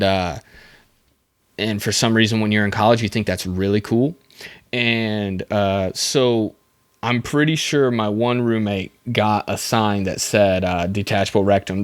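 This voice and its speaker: A young man with a fairly low voice talks through a casual solo podcast episode, halting and restarting often as he rambles. He chuckles at his own stories now and then. The sound is dry and close, with no room around it. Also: no echo. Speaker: podcast host.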